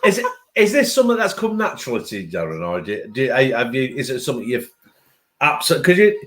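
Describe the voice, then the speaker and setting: A man's voice: medium pitch, big pitch swings, fast talker, fairly bright tone. A man hosting a casual interview over a video call, asking rambling questions and swearing freely. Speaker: show host.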